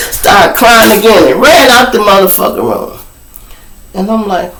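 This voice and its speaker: A Chicago man with a matching accent hosts his show, telling viewers a story in a profane, animated way that swings from loud to hushed. His voice is high-pitched, a little slow and creaky, and the room gives off a roomy echo.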